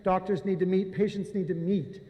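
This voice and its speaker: A man with a notably high voice delivers confrontational testimony at a public hearing, pressing officials point by point. His words ring out with a long reverb from the hearing room. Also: fairly even intonation, normal speed, muffled recording. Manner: forceful, confrontational, addresses officials directly.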